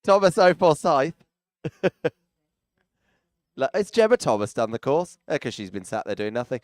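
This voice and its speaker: A man's voice: medium pitch, very animated, normal speed, pauses often, no echo, clean studio sound. Chatty man announcing arena riders. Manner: chatty, teasing, jokey asides to people around the arena. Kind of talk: live event commentary.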